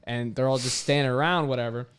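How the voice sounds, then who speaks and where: A young man, a podcast host, telling a story in casual chat, animated, swearing often and filling his talk with "like". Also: mid-range voice, quick pace, smooth.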